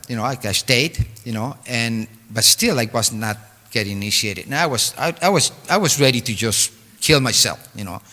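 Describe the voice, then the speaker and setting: An older man telling a personal story at a memorial talk, halting and full of fillers and restarts. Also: mid-range voice, bright, forceful tone. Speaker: devotee giving a homage talk. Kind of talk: storytelling reminiscence. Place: temple hall. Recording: long hall reverb.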